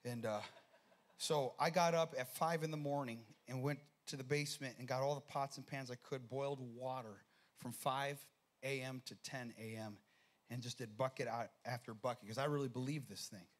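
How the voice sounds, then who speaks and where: A man preaching a sermon as pastor, telling a story with animated energy and frequent repeated words. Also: medium pitch, normal speed. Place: church sanctuary.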